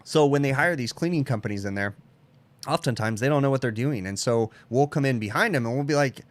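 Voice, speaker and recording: An HVACR channel host fields chat questions in a casual livestream Q&A, sleepy and yawning yet blunt and opinionated, ending points with "okay?" His medium-pitched voice is expressive and brisk, in a dry recording.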